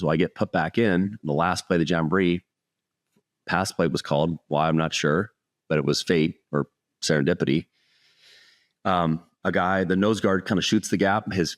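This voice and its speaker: A middle-aged man, a sales speaker, telling a personal story in an earnest, animated way during an interview. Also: deep voice, no room sound, clean studio sound.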